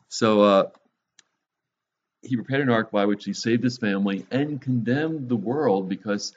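A man's voice: lowish voice, darkish tone, dull audio. A man preaching a conversational sermon, mixing scripture teaching with wry, sarcastic jokes. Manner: wry, joking asides with sarcasm.

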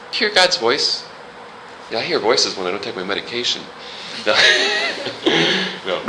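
A man preaching a sermon to a congregation in a relaxed, conversational way with joking asides. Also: mid-range voice, a little hiss or hum, poor audio. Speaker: pastor.

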